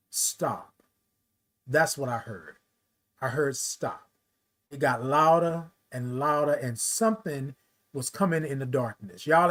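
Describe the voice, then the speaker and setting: A man hosting a talk show, telling a personal story with emphatic, conversational delivery and speech. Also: fairly high pitch. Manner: emphatic storyteller, addresses listeners as y'all, rises loud when telling the climax. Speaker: host.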